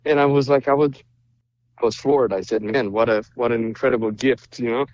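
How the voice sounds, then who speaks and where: A male musician from Romania chatting as a podcast guest, telling lively stories and acting out what people said. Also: mid-range voice, brisk, muffled recording. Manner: animated storyteller, acts out quoted dialogue. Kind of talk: casual interview chat.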